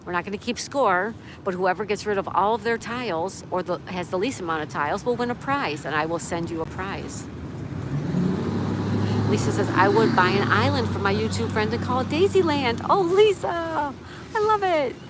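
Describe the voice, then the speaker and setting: A woman's voice: medium pitch, normal speed. A woman live streaming outdoors, chatting casually and reading chat messages aloud while tending her dog. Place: outdoors by a road in a town. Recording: outdoor stream with clear traffic noise. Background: street and vehicle noise.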